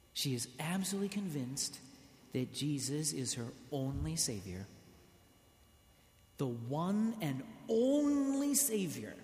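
Male preacher, unhurried and animated, slightly high voice, reverberant church. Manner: expressive, slow and deliberate, with dramatic pauses and acted quotes. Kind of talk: sermon. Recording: echoey church hall.

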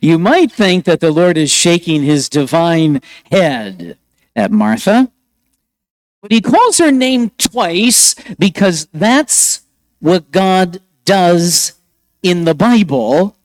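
A priest preaching a sermon, slow and emphatic, with deliberate repetitions. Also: male voice, high-pitched, very animated, darkish tone, no room sound.

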